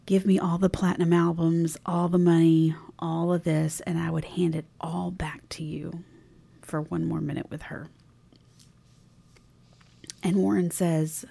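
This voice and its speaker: A woman co-hosting a podcast, casually recounting a TV episode scene by scene and quoting the characters' lines softly. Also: on the low side, flat delivery, unhurried, creaky, breathy edge. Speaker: podcast co-host. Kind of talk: casual recap chat.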